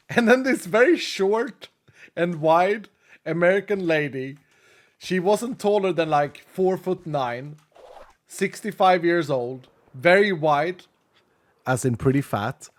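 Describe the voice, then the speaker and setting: A man in his thirties chatting casually with his chat while playing a game on stream, laughing often. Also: fairly high pitch.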